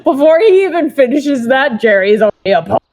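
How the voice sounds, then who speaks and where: A woman's voice: sits high, big pitch swings, moderate pace, a crowd in the background. A woman playing a tabletop role-playing game, reacting with amusement to the action. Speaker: player.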